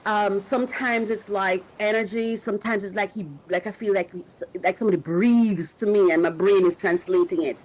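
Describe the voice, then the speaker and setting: A woman's voice: medium pitch, steady tone, normal speed, few pauses, a little mellow, poor audio. A middle-aged woman hosting a podcast, talking in an emotional, searching way about faith, often restarting as she looks for words. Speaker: podcast host and coach. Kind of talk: reflective spiritual talk to listeners.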